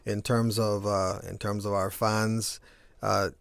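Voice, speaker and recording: A man who organizes a basketball tournament, a guest on a radio sports show, talking with halting starts and repeated words. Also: fairly low pitch, level tone, vocal fry, clean tone, dry recording.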